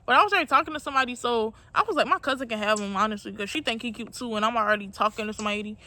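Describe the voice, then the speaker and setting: A woman's voice: a little high, racing, sharp tone. A young woman telling a personal story to her viewers in a casual, slangy, candid way, calling them y'all. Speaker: storytime vlogger.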